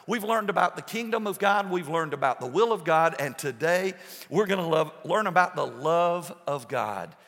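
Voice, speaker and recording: A male pastor preaching a passionate sermon, swinging between soft, low passages and loud bursts. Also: animated, normal speed. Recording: long hall reverb.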